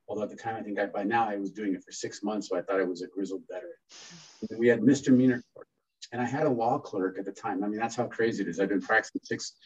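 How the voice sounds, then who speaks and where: Man, 50s, husky, a bit off-mic and dull, earnest storyteller. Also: on the low side, distant mic. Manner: earnest, anecdotal, animated when quoting himself. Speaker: criminal defense lawyer. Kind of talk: reflective storytelling talk.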